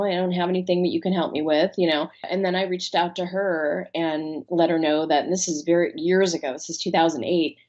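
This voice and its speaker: Animated woman coach, lo-fi sound. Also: fairly low pitch. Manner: animated storyteller, acts out quoted voices. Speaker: guest, life coach and author. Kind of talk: podcast interview.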